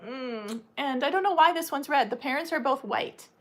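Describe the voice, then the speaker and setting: A woman hosting a casual livestream, talking in a rambling, chatty way with frequent ums and uhs. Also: normal speed. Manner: coos at puppies in a high baby-talk voice. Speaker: livestream host. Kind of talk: casual live chat.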